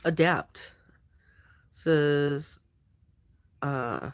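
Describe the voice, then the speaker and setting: A drowsy woman talks through a weekly tarot spread in a loose, wandering way. She drifts between thoughts and leans on fillers. Her delivery is informal and unhurried. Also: low-pitched, animated. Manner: rambling, loose, many fillers and trailing thoughts. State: sleepy, yawning. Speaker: tarot card reader. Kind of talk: casual weekly tarot reading.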